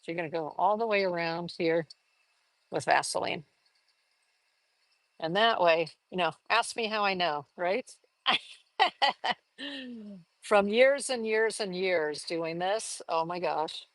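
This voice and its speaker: A woman's voice: fairly low pitch, slow pace, long pauses, no room sound. Chatty woman teaching collage, dry sound. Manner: chatty, enthusiastic, thinks aloud as she works. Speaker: art teacher. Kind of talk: live art demonstration.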